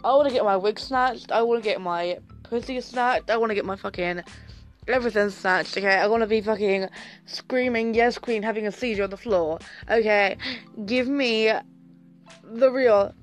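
A woman's voice: mid-range voice, normal speed, faint music behind. A young woman vlogging in a casual, sassy, camp way, full of swearing and dramatic outbursts. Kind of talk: casual livestream chat.

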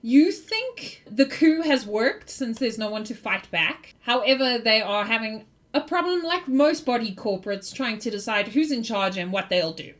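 A woman narrating a tabletop role-playing game as game master, lively and quick to laugh. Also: a little high.

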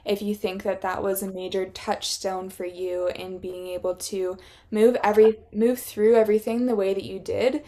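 A woman's voice: medium pitch, fairly even intonation, moderate pace, warm tone, slight background noise. A woman hosting a podcast, reflecting on her guest's words and asking thoughtful questions in an affirming way. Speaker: podcast host. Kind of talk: conversational interviewing.

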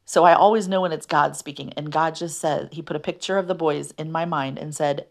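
Low-pitched woman, earnest, halting, testimony. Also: steady tone, gravelly. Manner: earnest, halting, with fillers and restarts. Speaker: guest sharing her story. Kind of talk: personal testimony.

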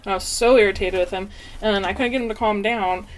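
A young woman in casual chat, telling a parenting story in a lively way and acting out what people said. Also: mid-range voice, fast talker. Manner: animated storyteller, acts out quotes. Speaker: parent sharing stories.

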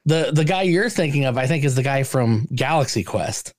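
A man co-hosts a casual movie podcast with a lively, animated delivery. He slips into raised voices to act out lines from the film. His voice sits at a middle pitch and sounds close and dry. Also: moderate pace, no room sound. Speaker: podcast co-host. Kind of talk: casual movie review chat.

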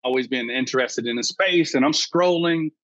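A man, a birding educator and podcast guest, telling an excitable story and acting out his own past thoughts. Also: mid-range voice, normal speed, no room sound, dull audio. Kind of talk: animated storytelling.

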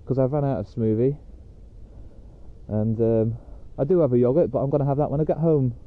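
A man's voice: medium pitch, steady tone, fairly quick. A man hosting a casual solo podcast while out walking his dog, rambling chattily with lots of fillers. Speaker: podcast host. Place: outdoors on a dog walk. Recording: tinny phone-like sound.

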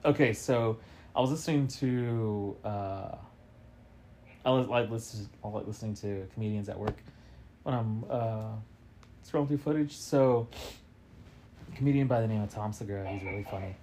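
A young man co-hosting a casual podcast with his partner, answering in dry, flat refusals and wry jokes. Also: fairly low pitch, moderate pace, long pauses, a little hiss or hum. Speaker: podcast co-host. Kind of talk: casual couple's podcast chat.

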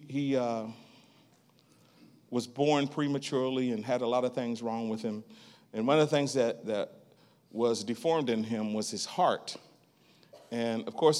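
A man preaching a sermon as a guest preacher, telling a story and breaking into loud, rhythmic laughter. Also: medium pitch, big-room sound. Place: church sanctuary.

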